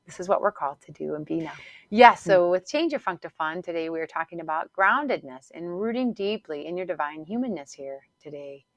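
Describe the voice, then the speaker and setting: A woman hosting a spiritual podcast, speaking in a gentle, repetitive, affirming way with soft laughs. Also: on the low side, expressive, a little fast, no echo. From Northern Hemisphere. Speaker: podcast host and Psych-K instructor. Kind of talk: gentle motivational spiritual talk.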